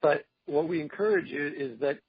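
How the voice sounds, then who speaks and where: A man's voice: a little high, moderate pace, husky, no echo. A man speaking as an interview guest, talking in an earnest, encouraging way. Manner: earnest, encouraging, faith-driven. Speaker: interview guest, film producer. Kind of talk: casual interview talk. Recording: dull, lo-fi remote audio.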